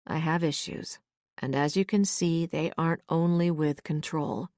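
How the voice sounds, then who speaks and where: A woman's voice: sits low, steady tone, a little slow, darkish tone, dry recording, studio quality. A woman voicing a brusque, possessive male billionaire boss who talks in blunt, clipped lines. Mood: subdued.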